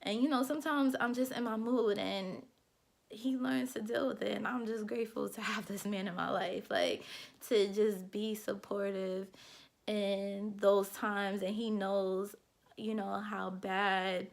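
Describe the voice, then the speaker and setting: A woman's voice: medium pitch, steady tone, measured pace, gravelly. Earnest young woman vlogging heartfelt thoughts. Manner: earnest, heartfelt, rambling with many fillers. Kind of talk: candid personal vlog.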